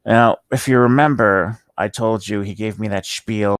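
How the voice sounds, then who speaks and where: A man with a very low voice and slurred speech talks through an emotional personal story. He stumbles and restarts often, pausing mid-sentence. The recording is dry and close, with no room echo. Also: steady tone. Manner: halting, rambling, with many restarts and pauses. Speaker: vlogger telling his life story.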